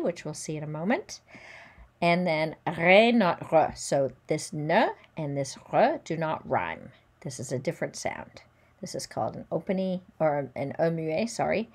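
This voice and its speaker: A woman teacher giving a careful pronunciation lesson in an unhurried, low voice with a gravelly edge. She draws out each French word, pausing before she explains how it should sound. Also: darkish tone. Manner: sounds out French words slowly and clearly, then explains them. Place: recording at home or in a classroom with a virtual whiteboard.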